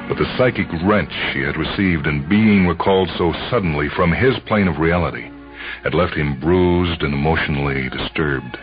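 A man narrating a dramatic story in a measured, brooding way, heard on an old, dull radio recording. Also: rumbling low.

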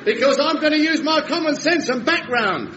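An actor playing a rude, cocky air-raid warden, jeering and mocking in a vintage radio comedy. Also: male voice, very high voice, lively intonation, moderate pace, noisy background. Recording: dull vintage broadcast recording.

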